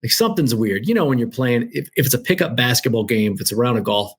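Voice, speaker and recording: A man's voice: medium pitch, fast talker. A man, a guest author, telling an anecdote animatedly and acting out the dialogue in the voices of the people involved. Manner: lively anecdotal storyteller, acts out quoted dialogue. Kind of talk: animated storytelling.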